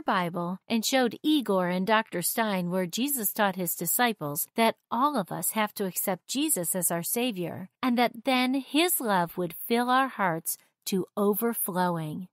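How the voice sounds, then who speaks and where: A woman narrating a children's story aloud in an expressive read-aloud manner. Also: mid-range voice, unhurried, few pauses, no echo, studio quality.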